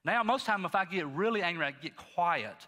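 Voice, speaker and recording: Middle-aged guy pastor, high bright voice, folksy preaching in a big reverby church. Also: a little fast. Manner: folksy, animated preaching with asides to the congregation. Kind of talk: sermon. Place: church sanctuary.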